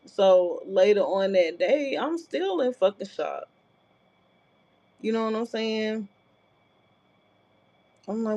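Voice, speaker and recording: A woman's voice: mid-range voice, lively intonation, slow pace, long pauses, darkish tone. A woman vlogger telling a personal story in a casual, blunt, profane way, with frequent filler asides. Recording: dull lo-fi sound.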